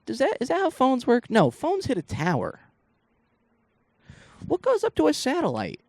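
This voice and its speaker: A man's voice: very high-pitched, wildly swooping pitch, moderate pace, vocal fry, darkish tone, no room sound. A young man from Northeast Ohio, a comedian, telling rambling stories on his solo podcast with lots of swearing and asides. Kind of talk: casual solo podcast storytelling.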